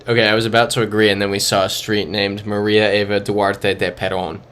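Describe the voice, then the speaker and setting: A man's voice: on the low side, level tone, brisk, fairly bright tone, a little hiss or hum. A young man streaming a geography guessing game, thinking aloud and reading chat messages in a casual, muttering way. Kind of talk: casual live-stream commentary.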